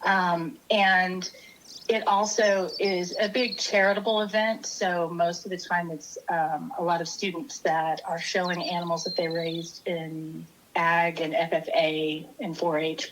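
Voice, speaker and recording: A woman's voice: on the low side, background noise. A woman from Texas, chatting casually as a podcast co-host, easygoing with lots of fillers and laughs. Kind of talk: casual chat. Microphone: remote call.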